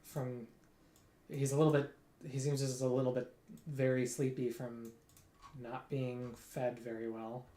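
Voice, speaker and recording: A man's voice: mid-range voice, little pitch movement, unhurried, dark tone. Game master man in an echoey room. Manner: plain, slightly hesitant narration. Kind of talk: narrating a tabletop game. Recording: roomy echo.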